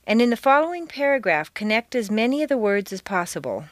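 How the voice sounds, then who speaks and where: A woman's voice: fairly high pitch, very animated, fast, dry recording, clean studio sound. A woman reading a scripted training audio lesson, drawing words out and linking them in an exaggerated way. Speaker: accent training instructor.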